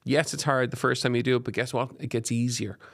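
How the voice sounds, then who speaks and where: Gravelly Irish fitness coach. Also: male voice, medium pitch. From Ireland. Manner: energetic, encouraging, lists examples in quick runs. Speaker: podcast host and fitness coach. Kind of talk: solo podcast advice talk. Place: podcast studio.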